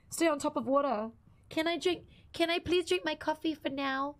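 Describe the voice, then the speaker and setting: A woman's voice: high-pitched, steady tone, normal speed. Chatty woman streamer with a strained voice. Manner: chatty, reads out and greets chat viewers. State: voice partly lost, slightly strained. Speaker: live-stream gamer. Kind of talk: casual live-stream chat with viewers.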